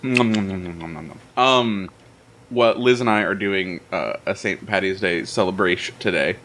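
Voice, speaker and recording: A man's voice: low voice, normal speed, fairly bright tone, slight background noise. A man hosting a podcast, chatting loosely with fillers and self-deprecating jokes. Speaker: podcast host. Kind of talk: casual podcast chat.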